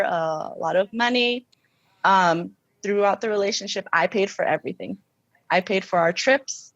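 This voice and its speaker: A woman guest telling her personal story in an interview, halting, with many fillers and restarts. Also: lowish voice, fairly bright tone, no room sound, highs cut off. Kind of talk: emotional personal testimony.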